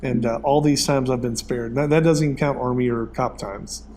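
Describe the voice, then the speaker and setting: A man in his late fifties talks in a relaxed, rambling way, filling his stories with "uh" and "you know." His voice sits at an ordinary pitch for a man. There is a faint hiss of noise behind him. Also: moderate pace. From Texas. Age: 50s. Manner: rambling, folksy storytelling with many fillers. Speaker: interview guest. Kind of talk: casual conversation.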